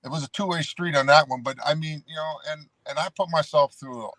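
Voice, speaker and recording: Ask: a rambling wrestler telling road stories. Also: male voice, on the high side, brisk, a bit bright, no echo. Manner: rambling, says "brother" and "you know". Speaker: guest, former pro wrestler. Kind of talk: casual storytelling.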